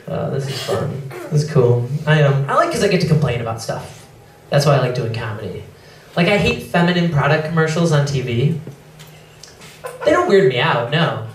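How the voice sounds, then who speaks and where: A young man doing stand-up comedy, self-deprecating and quick to apologize for his jokes, slipping into mocking voices of others. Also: sits high, far from the mic, heavy background noise. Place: comedy club stage. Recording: echoey club, mic heard from afar, crowd laughter. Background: audience laughing.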